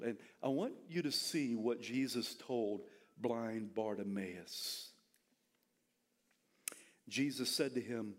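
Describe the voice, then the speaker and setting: A male pastor preaching a sermon, bursting into shouted, soaring lines and dropping back into chatty storytelling. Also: slow, pauses often. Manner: fiery preaching that swings into shouted high bursts, then drops to storytelling; casual, chatty retelling with restarts.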